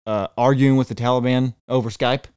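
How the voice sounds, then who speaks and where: A man's voice: mid-range voice, fairly even intonation, fairly quick, a little mellow, clear, resonant tone, dry recording, studio quality. Blunt, sarcastic male podcast co-host. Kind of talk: casual podcast chat.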